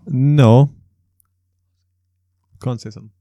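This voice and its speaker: A man's voice: medium pitch, steady tone, takes it slowly, dark tone, no echo, dull audio. A man cohosting a casual chat, with teasing, short interjections. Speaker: podcast co-host.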